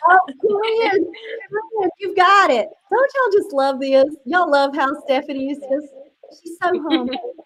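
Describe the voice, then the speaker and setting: A woman's voice: extremely high pitch, measured pace, a bit bright, poor audio. A woman hosting an online book launch on a video call, chatty and emotional, close to tears.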